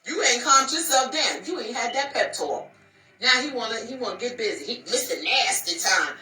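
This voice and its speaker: A woman's voice: a little high, sing-song, moderate pace, bright, forceful tone, distant mic. Sassy emphatic woman, echoey and off-mic. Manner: sassy and emphatic, repeats lines for punch. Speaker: host giving relationship advice to women. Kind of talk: casual advice talk. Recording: roomy echo, voice a bit off mic.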